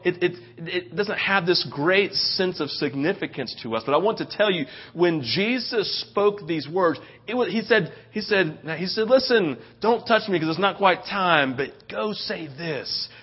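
Animated middle-aged pastor, lo-fi. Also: male voice, slightly rough. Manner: animated, jumps to a loud high voice for quoted excitement; conversational, keeps asking "right?". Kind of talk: sermon with storytelling.

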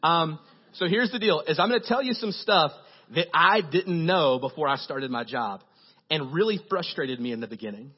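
A man preaching a casual, joking sermon as a youth pastor, telling animated stories to his congregation. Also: fairly high pitch, normal speed, husky, highs cut off.

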